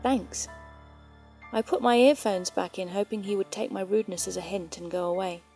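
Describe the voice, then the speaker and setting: A woman narrating true scary stories in a calm, measured storytelling voice. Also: medium pitch. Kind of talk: reading scary stories aloud. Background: faint background music.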